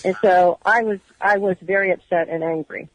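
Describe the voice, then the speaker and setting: A woman's voice: on the low side, fairly even intonation, normal speed, crowd noise, poor audio. A woman guest on a radio interview, telling her story in earnest detail and acting out what others said to her. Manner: earnest, detailed storyteller who acts out quoted dialogue. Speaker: radio guest, former agency employee.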